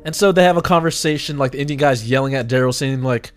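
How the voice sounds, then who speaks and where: A man's voice: mid-range voice, fast, smooth, faint music behind. A man hosting a radio show in casual chat, telling stories animatedly with frequent restarts and laughter.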